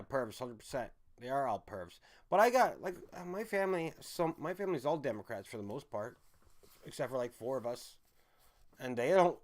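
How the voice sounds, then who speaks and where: Male stream host, mid-pitched voice, loose ranting delivery full of restarts. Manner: ranting, with frequent restarts and stumbles; addresses the audience as folks and guys. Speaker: online commentary host. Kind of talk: rambling livestream commentary.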